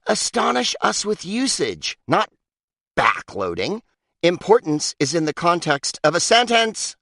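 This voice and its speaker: A man's voice: sits high, very animated, a little slow, creaky, bright, forceful tone, no echo, studio quality. A man reading his own comic book aloud, sardonic and mock-pompous, with big swoops for emphasis. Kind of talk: comic audiobook narration.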